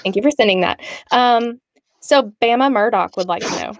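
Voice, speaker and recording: A woman hosting a casual talk show, relaxed, reading out listener questions. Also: fairly high pitch, moderate pace, dry recording. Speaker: podcast host. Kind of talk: casual chat.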